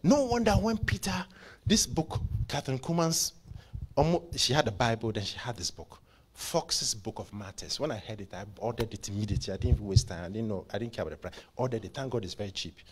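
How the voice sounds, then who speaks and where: A man preaching a church sermon, impassioned, with stammering repeats, dropping to hushed whispers and then rising to loud bursts. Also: on the low side, fast talker, slight background noise. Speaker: pastor. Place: church service.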